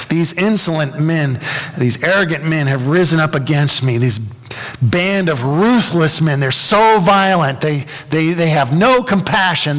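A man's voice: medium pitch, a bit bright. Impassioned preacher man in a reverberant hall. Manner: earnest, rising to impassioned emphasis with repeated words. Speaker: pastor. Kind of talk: sermon. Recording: long reverb of a large hall.

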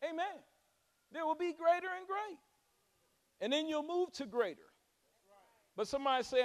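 A man's voice: extremely high pitch, lively intonation, normal speed, long pauses. A male pastor preaching a sermon with rising fervor and humorous asides.

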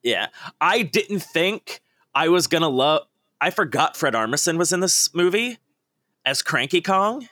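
A man co-hosting a casual podcast chat, excitable and quick to break into impressions. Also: fairly high pitch, no echo. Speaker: podcast co-host.

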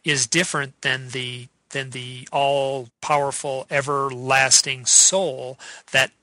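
A man's voice: medium pitch, flat delivery, slow pace, pushed and bright, no room sound, poor audio. A man hosting an interview, telling a story in a rambling way with many restarts and fillers. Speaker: podcast host. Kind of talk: casual interview chat.

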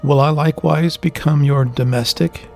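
A man's voice: on the high side, steady tone, normal speed, vocal fry, darkish tone, soft background music. A man voicing a weary, sickened young man who pleads in a strained voice for answers. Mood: pleading, weary.

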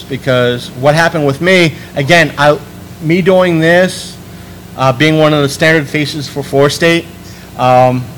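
Chatty man, slightly high voice. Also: a bit bright, a little hiss or hum, low-quality recording. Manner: chatty, rambling with many restarts. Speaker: podcast host on a panel. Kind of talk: casual panel talk.

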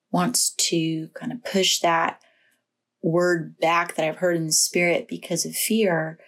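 A woman sharing a personal devotional message in a gentle, reflective way, with pauses and fillers. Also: fairly low pitch. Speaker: Christian devotional speaker.

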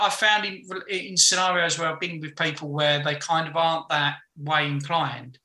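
A man tells stories in a loose, casual podcast chat, often stopping to restart his sentences. His voice sits a little high and sounds very bright. The room around him is echoey. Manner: frank, rambling storyteller with many restarts. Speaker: podcast guest.

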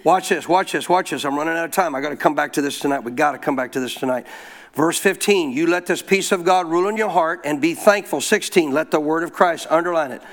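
A man's voice: on the high side, fast talker. A middle-aged male pastor, preaching a sermon in an emphatic call-and-response style.

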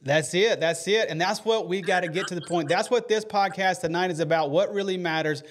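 With a high voice and a brisk delivery, an American podcast host shares a faith story. He's earnest and emotional, stumbling through plenty of fillers and restarts.

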